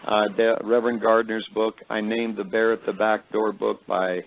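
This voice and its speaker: A man giving a personal testimony, telling his story in a halting, rambling way with many fillers, his voice deep and tired tonight. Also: flat delivery, gravelly. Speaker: speaker recounting a vision. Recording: phone-like radio broadcast.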